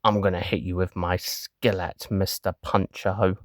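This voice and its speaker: A man's voice: sits low, little pitch movement, a little slow, dry recording. Man voicing a boastful comic superhero, over the top, dry recording. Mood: heroic.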